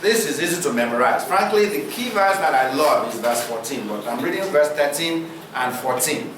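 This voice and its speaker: A man preaching a sermon, asking his listeners rhetorical questions and using deliberate pauses for effect. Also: on the high side, lively intonation, noisy background. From Nigeria. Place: church hall. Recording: roomy hall recording, distant mic.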